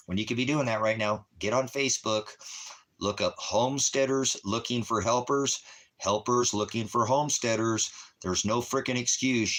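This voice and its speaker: Profane, rambling rural livestreamer man. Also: medium pitch. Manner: profane, animated, talks to chat viewers. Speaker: livestream host. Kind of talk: casual rambling livestream monologue. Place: Christmas Valley area, rural.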